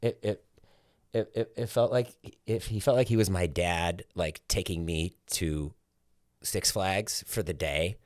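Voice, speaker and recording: A man's voice: deep voice, a little slow, dry recording, clean studio sound. A man in his forties, a podcast guest telling stories in casual chat and acting out what others said. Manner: animated storyteller, acts out quotes loudly.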